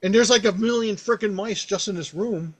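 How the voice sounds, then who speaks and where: A man with a slightly higher-pitched voice tells a tabletop game story in a loose, rambling way. He is animated, stumbling through fillers and restarts as he recounts what his players did. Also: brisk. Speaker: podcast host, game master. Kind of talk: casual storytelling about a past game.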